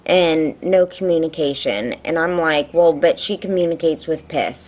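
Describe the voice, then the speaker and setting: A woman's voice: low voice, moderate pace, dull audio. A young woman vlogging casually, telling an exasperated story about a neighbor, tired and worn out. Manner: exasperated, animated retelling with mocking quoted voices.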